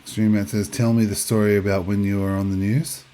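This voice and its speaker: Chatty low-voiced male game streamer. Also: flat delivery, brisk, warm tone. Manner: chatty, reads chat aloud and answers it. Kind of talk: casual live-stream chat while playing.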